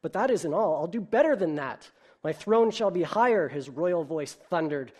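A man voicing a boastful, greedy male turtle king in a storybook reading, loud and commanding. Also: on the high side, lively intonation, moderate pace, husky.

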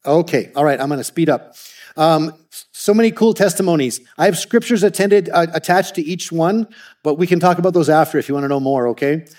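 Canadian-raised male ministry speaker, lively storyteller, somewhat high voice, restarts often. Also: a little fast. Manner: animated storytelling with frequent restarts. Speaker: ministry speaker presenting slides. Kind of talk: testimony talk to an audience.

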